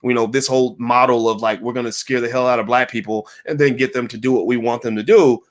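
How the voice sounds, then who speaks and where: A man's voice: mid-range voice, quick pace. Emphatic man hosting a livestream. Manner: emphatic, animated, mocking asides. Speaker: livestream host answering viewer questions. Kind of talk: casual livestream commentary.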